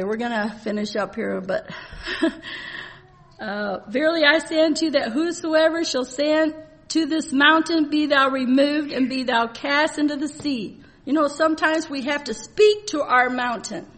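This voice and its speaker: High-voiced woman preaching with rising fervor. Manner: earnest, swings between soft and loud, laughs often. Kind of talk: sermon.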